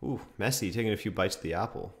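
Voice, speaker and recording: This young man's lowish voice is fast and carries vocal fry as he hosts a football watchalong stream. Between casual chatter and reading viewers' comments, he reacts to the action with laughs and exclamations.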